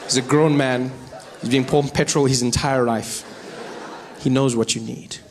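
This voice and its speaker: A man with a South African accent doing stand-up comedy, telling stories with animated delivery. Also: medium pitch, noisy background. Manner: animated storytelling, quick shifts in voice.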